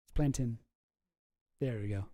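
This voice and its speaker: A man's voice: mid-range voice, a little slow, mellow. A man hosting a stream, telling playful stories in casual chat and laughing often. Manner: laughing, playful storytelling with quoted voices. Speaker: streamer host.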